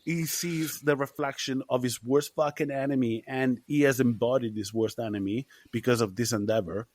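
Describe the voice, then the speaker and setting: A man's voice: mid-range voice, steady tone, normal speed, a little mellow, dry recording. A man co-hosting a film podcast, talking animatedly with lots of swearing and laughter. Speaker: podcast co-host. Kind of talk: casual film chat.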